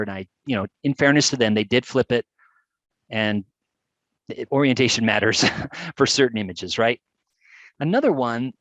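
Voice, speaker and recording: A man presenting a live webcast, talking through examples with chatty enthusiasm and lively emphasis. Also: medium pitch, no echo, dull audio.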